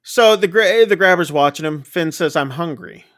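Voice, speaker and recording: Brief: male podcast host, bright and a bit high, chatty filler-heavy recapper. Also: moderate pace, no echo, clean studio sound. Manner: animated plot retelling with many fillers. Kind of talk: casual film review chat.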